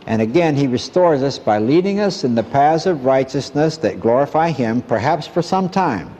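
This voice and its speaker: A man giving an earnest, measured Bible lesson and quoting verses as he teaches. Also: medium pitch, animated, dark tone, in a large hall.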